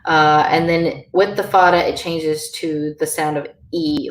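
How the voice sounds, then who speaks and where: Woman, language teacher, unhurried and hesitant, slightly low voice, echoey room. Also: fairly even intonation. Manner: slow, halting, many fillers. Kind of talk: online beginner language lesson.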